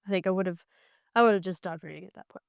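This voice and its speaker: A young woman chatting casually as she reviews a book, animated and wry, often restarting her sentences. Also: lowish voice, fast talker, gravelly, no echo, clean studio sound.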